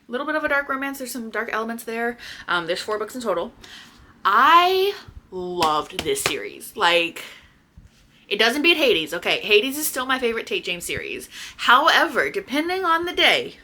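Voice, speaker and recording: A woman chatting casually to her viewers about books she has read, gushing with excitement and swearing freely. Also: a little high, brisk. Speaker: book vlogger. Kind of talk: casual chatty book review.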